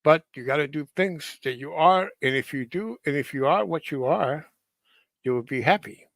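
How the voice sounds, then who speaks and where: A man voicing a wise old male cartoon wizard lizard with a German accent, giving slow, sage advice. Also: on the high side, vocal fry, a bit bright, dry recording. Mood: advising.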